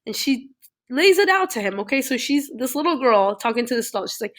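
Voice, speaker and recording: A woman teacher goes over a reading with her class, retelling the story in a relaxed, conversational style. Her voice is fairly high and fairly quick, and she keeps checking in by ending sentences with "okay?" and "all right?".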